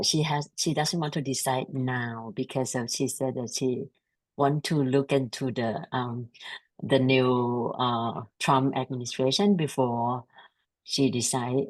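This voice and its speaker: A participant on a video call, asking a hesitant, halting question about a client during an online class. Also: medium pitch. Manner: hesitant, halting, many fillers.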